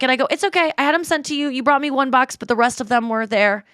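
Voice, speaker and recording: Giggly, animated woman podcast host. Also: high-pitched, quick pace, smooth, dry recording, studio quality. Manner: giggly, animated storytelling, reads texts aloud. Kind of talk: casual chat.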